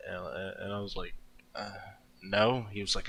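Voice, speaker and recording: Rambling young man with a bright voice. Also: lowish voice, level tone, moderate pace, rough recording. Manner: rambling, laughs often, many fillers and restarts. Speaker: artist streaming while drawing. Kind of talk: casual storytelling while drawing.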